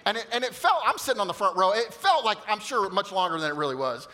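A male pastor telling a funny story in a sermon, animated and jokey, acting out the quotes. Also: high voice, fast talker. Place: church auditorium.

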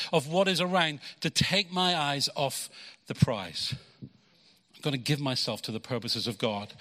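Bright-voiced man preaching in a reverberant hall. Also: a little high. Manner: conversational preaching, acts out quotes, repeats words. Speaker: pastor. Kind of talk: sermon. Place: church hall.

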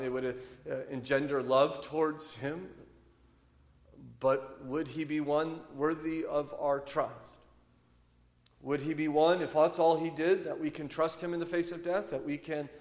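A man preaching a sermon as a pastor, impassioned, with his voice rising and falling. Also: medium pitch. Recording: echoey hall, long reverb.

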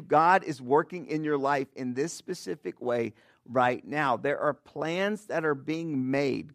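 A man delivers a sermon as a pastor, talking to his congregation in a plain, conversational way and checking in with frequent "okay?" asides. His voice sits in a middle range. The sound is dry and close, with no room echo. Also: mid-range voice. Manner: conversational, joking asides with "all right?" and "okay?"; earnest prayer.

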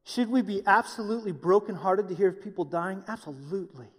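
Male pastor, lively sermon delivery, fairly high voice, hall reverb. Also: fast, slightly rough. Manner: animated, acts out voices of others, jokey asides.

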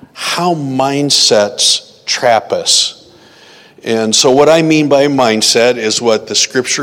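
A man preaching a sermon as pastor, praying and teaching in a slow, deliberate way. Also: medium pitch, a bit bright, big-room sound.

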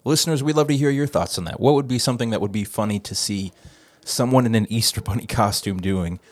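A man's voice: on the low side, quick pace, dry recording. A man hosting a casual podcast chat, laid-back and laughing between phrases. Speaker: podcast host.

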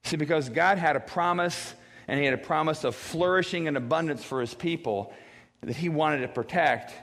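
A man's voice: moderate pace, a bit bright. Man preaching in a reverberant hall. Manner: acts out quoted voices, wailing high and grave low. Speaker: pastor. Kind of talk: sermon. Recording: long reverb of a church hall.

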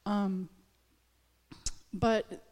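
A woman's voice: mid-range voice, fairly even intonation, a little mellow. Hesitant woman pastor in echoing church. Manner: hesitant, halting, many restarts and fillers. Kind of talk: personal testimony in a church service. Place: church sanctuary.

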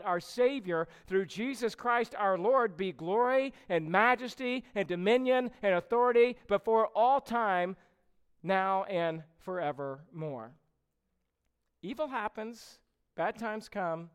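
A man with a high, clear, resonant voice delivers an emphatic sermon as pastor. He slows down to stress key phrases. His voice rings in a church sanctuary with a long, lingering reverb. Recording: reverberant hall.

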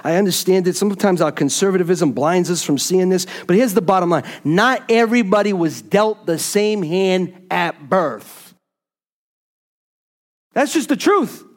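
A man preaching a sermon, swinging from low hushed lines to high impassioned calls, with repeated rhetorical questions to the congregation. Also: normal speed, few pauses.

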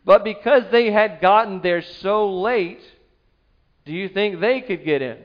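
Animated high-voiced pastor. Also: male voice, a little slow, muffled recording. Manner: animated, acts out quoted voices. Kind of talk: sermon storytelling.

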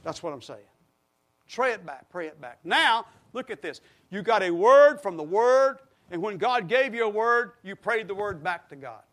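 A man's voice: high voice, big pitch swings, normal speed, pushed and bright. A middle-aged man preaching a sermon, leading the congregation in call-and-response. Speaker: pastor.

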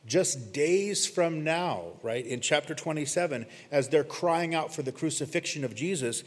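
A man preaching an earnest expository sermon, lifting his voice for emphasis and dropping low when he quotes scripture. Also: unhurried, hardly any pauses. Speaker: pastor. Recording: long hall reverb.

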